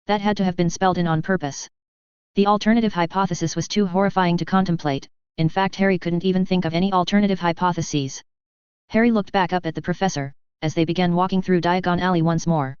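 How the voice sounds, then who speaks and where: A woman narrating a fan fiction audiobook in an even, steady storytelling manner. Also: on the low side, fast, clear, resonant tone, dry recording, muffled recording.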